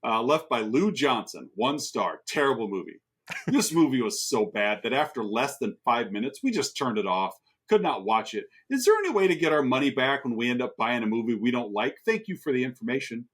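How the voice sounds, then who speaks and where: A man's voice: mid-range voice, very animated, a little fast, fairly bright tone, slightly rough. A man co-hosting a film podcast in casual chat, jokey and laughing often. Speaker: podcast co-host.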